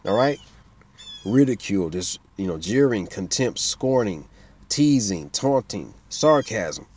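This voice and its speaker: Guy preaching a sermon, punchy and emphatic, gets loud then drops low. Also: expressive, slow pace, slight background noise. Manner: emphatic, swings from loud preaching to quiet asides.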